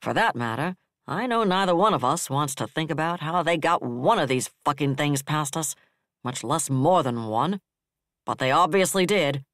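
A man voicing a bitter, level-headed male defense director who speaks flatly and harshly. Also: fairly high pitch, moderate pace, no room sound, studio quality.

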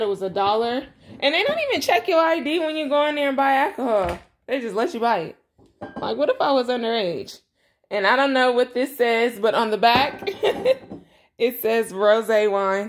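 A young woman with a slightly raised pitch shows off her groceries in a home kitchen, talking straight to her viewers. She is chatty and blunt, dropping slang. A faint hiss sits under the camera mic recording. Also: moderate pace. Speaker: vlogger. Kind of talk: casual grocery haul vlog.

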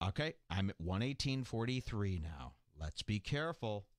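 A man's voice: on the low side, very animated, moderate pace, no room sound, clean studio sound. A man hosting a comedy show, sarcastically mocking a clip he plays. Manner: sarcastic, with jokey exaggeration. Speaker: host. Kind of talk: mocking commentary over a clip.

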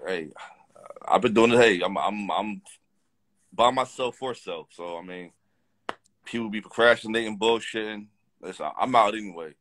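A man's voice: on the low side, moderate pace, long pauses, a bit bright. A man as a guest in a casual chat, reminiscing in a laid-back, slangy way.

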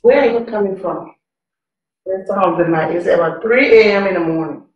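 A woman's voice: mid-range voice, moderate pace, dull audio, soft background music, lightly acted. An actress with a Liberian English accent playing a suspicious young wife, scolding her husband for his lies. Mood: accusing. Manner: accusing, scolding. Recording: echoey room.

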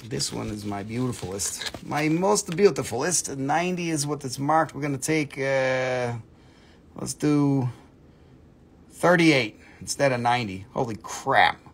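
A man's voice: medium pitch, expressive, a little slow, creaky, slight background noise. A man hosting a live sale stream from a phone indoors, chatty and playful as he rattles off prices. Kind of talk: casual live-stream selling. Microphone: phone camera.

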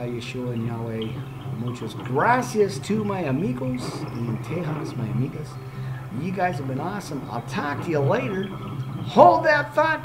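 A man, a minister hosting a live podcast, signing off with excitable, playful talk, frequent amens and asides to himself. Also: medium pitch, noisy background. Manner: preacherly amens and exhortations.

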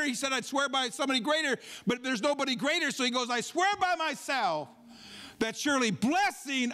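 High-voiced man preaching emphatically. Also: a bit bright. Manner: emphatic preaching with repeated rhetorical questions. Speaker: pastor. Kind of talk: sermon. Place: church sanctuary.

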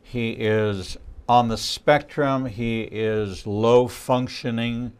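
A man hosting a faith interview show, explaining things to the audience in a deliberate, measured way. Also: mid-range voice, steady tone, clear, resonant tone. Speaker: rabbi host. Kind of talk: interview host.

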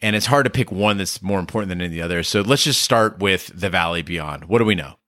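A man co-hosting a podcast, talking quickly and emphatically in casual discussion. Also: low voice, fairly bright tone, no room sound, studio quality. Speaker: podcast co-host.

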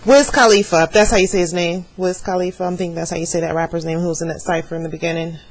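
A woman's voice: lowish voice, level tone, very fast, a little mellow, rough recording. A woman in her thirties giving a blunt, profane, gossipy rundown to her camera in a casual vlog from home. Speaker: vlogger reviewing an awards show. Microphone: webcam with plugged-in microphone.

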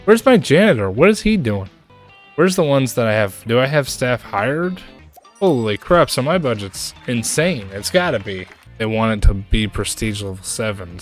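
A man streamer doing gameplay commentary, grumbling and frequently jumping into high-pitched, exasperated outbursts at the game.

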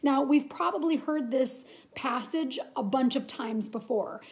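Woman, casual Bible teaching, earnest, chatty, somewhat high-pitched. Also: unhurried. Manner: earnest, chatty, with frequent restarts and reading aloud.

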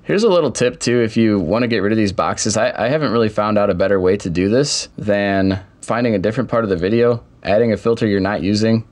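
A young man casually walking through software steps in a screen-recorded tutorial, with keyboard typing behind him. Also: on the low side, quick pace, hardly any pauses. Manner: step-by-step, casual explaining. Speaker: tutorial host.

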